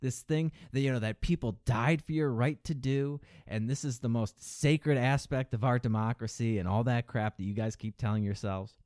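At normal speed and with hardly any pauses, a podcast host tears into his opponents in a sneering, profane political monologue, mimicking them in a higher mocking voice. His tone is darkish, and the studio-quality audio has no room sound.

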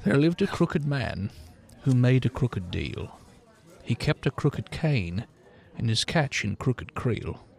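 A chatty drunk villager who rambles and leans in to whisper secrets, played by a man. His voice is gravelly and swoops up and down. It sounds like a tabletop game character. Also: mid-range voice, big pitch swings, slow, a little mellow, pitched below the performer's own voice, full character voice. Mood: ominous.

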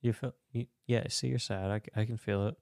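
A man's voice: on the low side, a little fast, creaky, dry recording. Sarcastic man on a dry mic. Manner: animated, sarcastic, swears often and laughs a lot. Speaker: podcast co-host recapping a movie. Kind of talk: casual chat.

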